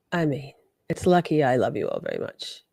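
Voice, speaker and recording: A woman's voice: very deep voice, vocal fry, a little mellow, slightly rough, no room sound, studio quality. A woman in her forties hosting a casual livestream, teasing her chat and swearing freely. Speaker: livestream host.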